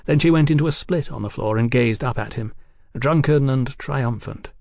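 A man giving a measured, unhurried scripted reading of a novel, recorded close on a studio mic. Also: medium pitch, creaky, darkish tone, no room sound. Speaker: audiobook narrator.

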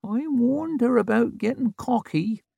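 A man voicing a blunt, dry-witted wild hill woman who mocks and lectures in rough country grammar. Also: fairly low pitch, very animated, unhurried, no room sound, voice pushed up, heavily acted. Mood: wry.

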